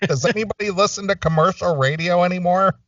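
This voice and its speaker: A man's voice: sits high, fast, a bit bright, no echo. A man co-hosting a podcast, chatting casually with short, dry reactions. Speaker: podcast co-host. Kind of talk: casual chat. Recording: distant, dull lo-fi mic.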